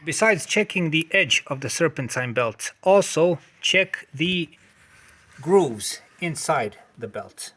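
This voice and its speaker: A man teaching car maintenance in a clear, instructional way, pausing to check in with viewers. His voice is bright and forceful and sits a bit high for a man. The sound carries the roomy echo of a garage. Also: animated. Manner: repeats "okay?" and addresses "dear viewers". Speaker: car repair presenter. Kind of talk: instructional explainer.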